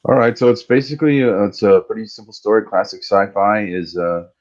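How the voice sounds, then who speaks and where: A deep-voiced man with a flat, even delivery, pitching his comic on a livestream. He halts often with fillers, and the dull lo-fi mic takes the shine off his voice. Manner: halting, many fillers, growing quieter. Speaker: guest comic creator. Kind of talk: casual pitch of his project.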